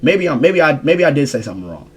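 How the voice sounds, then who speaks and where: A young man telling a profane, slangy story about his school days, jumping from loud exclamations to low mumbled asides. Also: very animated, fast, a little hiss or hum. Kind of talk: casual storytime rant.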